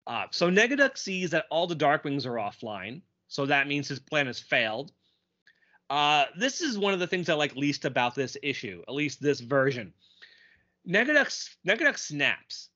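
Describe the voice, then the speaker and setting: A man co-hosting a podcast in a casual chat, animated, quipping and reading lines aloud. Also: fairly high pitch, normal speed, lo-fi sound. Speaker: podcast co-host.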